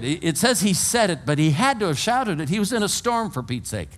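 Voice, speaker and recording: A man around eighty from California, preaching a sermon to his congregation with folksy, humorous storytelling that swings between hushed and loud. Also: sits high, sing-song, a little fast. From California, USA. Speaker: pastor. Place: church before a congregation.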